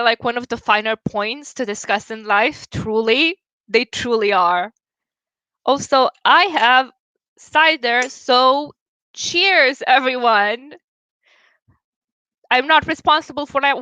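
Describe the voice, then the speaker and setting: A woman's voice: high-pitched, sharp tone, dry recording. A young woman chatting casually with viewers on a livestream, giggling often as she reads and answers comments. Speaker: livestream host.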